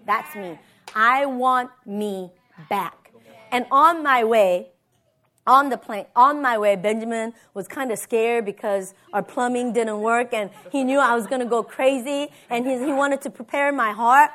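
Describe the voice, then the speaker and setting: Woman pastor with a high voice, storytelling sermon, conversational. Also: normal speed, a bit bright. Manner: personal storytelling, tags lines with "right?".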